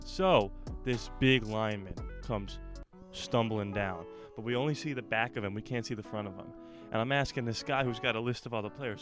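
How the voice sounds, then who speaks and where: A young man, host of a fan channel, telling a personal story in a lively, animated way. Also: on the low side, moderate pace, over music. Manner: animated storyteller, acts out shouted quotes. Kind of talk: storytime vlog.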